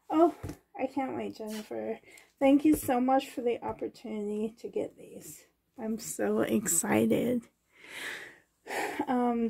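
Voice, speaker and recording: Husky, high-voiced woman gushing. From Canada. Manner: gushing, excited exclamations, soft whispers. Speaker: doll collector vlogger. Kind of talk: unboxing vlog. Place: bedroom at home.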